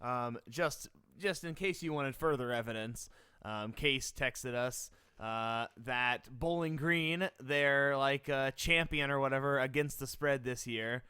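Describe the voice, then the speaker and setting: A man's voice: mid-range voice, unhurried, pushed and bright, smooth, dry recording, studio quality. A man co-hosting a casual sports podcast, joking and often hesitant. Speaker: podcast co-host.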